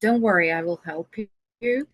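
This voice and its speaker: A woman's voice: medium pitch, a little slow. A woman teaching English in a video-call conversation lesson, patient and encouraging.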